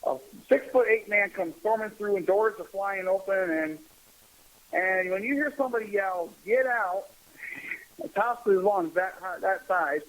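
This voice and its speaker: High-voiced man telling family stories. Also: low-quality recording. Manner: animated, laughs while telling stories. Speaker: radio show guest. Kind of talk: casual storytelling chat.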